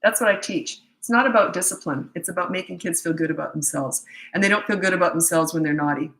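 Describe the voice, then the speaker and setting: A middle-aged woman coaching parents, telling a story in a direct, no-nonsense, animated way. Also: on the low side, fast, echoey room, poor audio. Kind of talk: casual storytelling advice.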